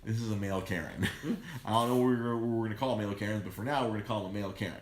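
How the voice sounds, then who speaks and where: A man co-hosting a podcast, telling a long story in a loose, animated way, swearing constantly and acting out the people he quotes. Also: fairly low pitch, rapid-fire, roomy sound, slight background noise. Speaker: podcast co-host. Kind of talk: casual profane storytelling. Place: podcast studio in a comic shop.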